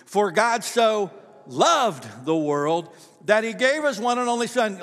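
Man, pastor, fervent sermon, repeats words, loud-to-hushed swings, slightly high voice, long church reverb.

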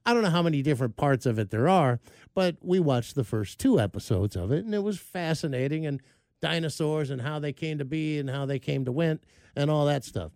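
Middle-aged male host, a bit high-pitched, rambling and self-mocking, dry close sound. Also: expressive, brisk, darkish tone, dry recording. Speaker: show host. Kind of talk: casual storytelling chat.

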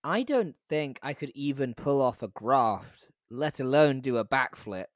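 A man co-hosting a comedy podcast, quick with quips and laughing often. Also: mid-range voice, lively intonation, no room sound, studio quality. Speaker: podcast co-host.

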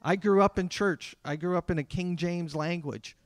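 A man delivering a sermon as a pastor, talking conversationally with dramatic pauses. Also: sits high, no echo, clean studio sound. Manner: conversational preaching with dramatic pauses and acted quotes.

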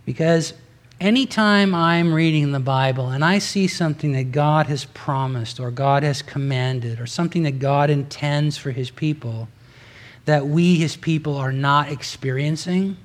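Earnest male preacher, higher-pitched voice. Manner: earnest, rises in pitch and force for emphasis; conversational with asides and restarts. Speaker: pastor. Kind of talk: sermon.

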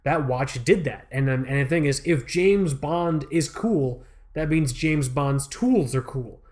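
A young man in casual chat, loose and excitable, swearing freely as he talks. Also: fairly high pitch, measured pace.

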